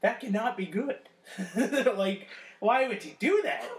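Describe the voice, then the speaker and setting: A man co-hosting a podcast, chatting casually about wrestling, excitable and swearing often. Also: sits high, slow pace, roomy sound. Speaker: podcast co-host.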